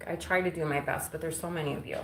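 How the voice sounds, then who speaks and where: This fast-talking woman from Illinois has a low, steady-toned voice and keeps up a blunt, casual live-stream chat while doing housework, answering comments and swearing at times. The roomy home audio, captured in her kitchen and living room with windows open, carries faint background noise.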